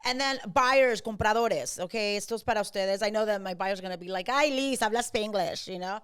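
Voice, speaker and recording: Woman mixing English and Spanish, smooth voice. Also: mid-range voice, fast. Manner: switches between English and Spanish; animated, acts out buyers and agents in quotes. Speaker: real estate agent, podcast host. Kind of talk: casual chat.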